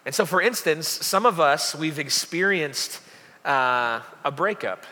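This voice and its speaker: A man's voice: fairly high pitch, expressive, a little slow, bright, forceful tone. A young adult man preaching a casual sermon, chatty and joking with lots of fillers. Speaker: pastor. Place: church hall. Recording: long hall reverb.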